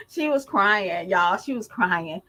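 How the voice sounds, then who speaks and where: A woman's voice: medium pitch, sharp tone, low-quality recording. A woman vlogger giving casual gossip commentary, slangy and emphatic, who laughs often as she talks.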